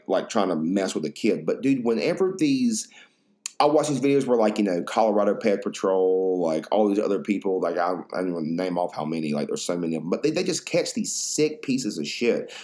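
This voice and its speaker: A man's voice: lowish voice, very animated, fairly quick, warm tone. A young man hosting a podcast, telling a story in a rambling, profane casual chat full of fillers. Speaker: podcast host.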